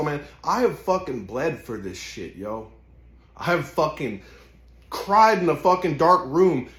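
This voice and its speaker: A man's voice: fairly high pitch, echoey room. A man giving an impassioned, profane motivational monologue, speaking intensely and swearing heavily.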